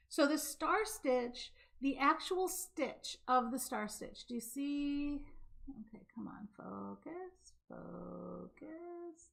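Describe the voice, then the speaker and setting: A slightly high voice with vocal fry carries this woman's casual live craft show, recorded on her camera mic at home. She chats and laughs easily, speeding up and getting hyper when excited, then slows down for a knitting stitch demo.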